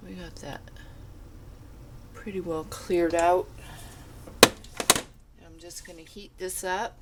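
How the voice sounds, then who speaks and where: A woman talking through home canning in her kitchen, stuffed up and congested, rambling in a relaxed, unhurried way. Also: on the low side, background noise. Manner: slow, unhurried, rambling explanations. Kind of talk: casual kitchen how-to chat. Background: kitchen clatter of pots and utensils.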